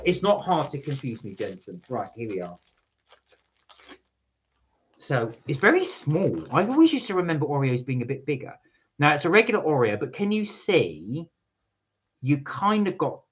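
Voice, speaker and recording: A chatty man with a fairly high voice talks through a casual live stream. He rambles, reads viewer messages aloud and reacts as he goes. The stream audio is muffled and lo-fi.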